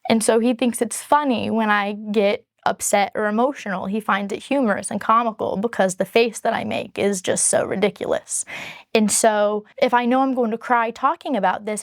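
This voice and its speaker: Frank, earnest woman with a higher voice. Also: no echo, studio quality. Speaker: vlogger telling her own story. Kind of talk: candid personal storytelling to camera.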